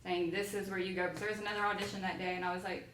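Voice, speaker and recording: A woman's voice: lowish voice, flat delivery, very fast, fairly bright tone. A woman guest talking casually on a podcast in an earnest, easygoing way, recorded from a distance in an echoey room. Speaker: guest actress. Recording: echoey room, mic at a distance, faint noise.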